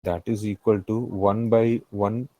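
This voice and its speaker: A man's voice: lowish voice, fairly even intonation, a little slow, warm tone, dry recording, low-quality recording. A man with an Indian English accent teaching a finance class, repeating key phrases and often checking that the students follow. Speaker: finance tutor. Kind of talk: live classroom lecture.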